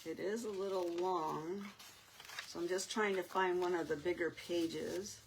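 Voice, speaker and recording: Brief: older woman host, low voice, unhurried rambling craft-table chat, faint hiss behind. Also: steady tone, creaky. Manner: chatty, rambling, with soft laughs.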